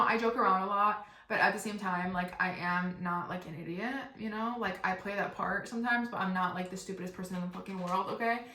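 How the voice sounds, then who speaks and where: A young woman hosting a podcast, telling a comic story in an animated, profane, self-mocking way. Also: on the low side. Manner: animated, profane, laughing at herself. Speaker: podcast host. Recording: roomy echo.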